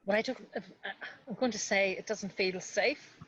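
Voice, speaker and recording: A woman taking part in an online coaching session, talking in a halting, hesitant way. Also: medium pitch, fairly bright tone, husky, dull audio. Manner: hesitant, halting, searching for words. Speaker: coaching participant. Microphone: video call.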